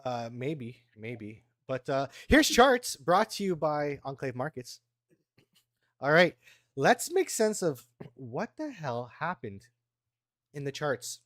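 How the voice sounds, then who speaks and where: Man cohost, laid-back chart talk, halting, lively pitch, dry sound. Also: no room sound. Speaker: podcast co-host, market analyst. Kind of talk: casual market commentary.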